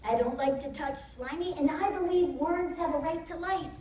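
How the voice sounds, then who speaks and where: A woman telling a story as a sermon, in an animated, emphatic way. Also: high voice, moderate pace, a little hiss or hum. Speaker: guest storyteller in church. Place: chapel. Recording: roomy chapel from a distance.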